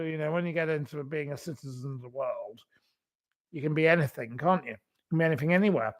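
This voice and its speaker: A man's voice: on the high side, quick pace. A man hosting a live stream, rambling and scornfully insulting the people he talks about.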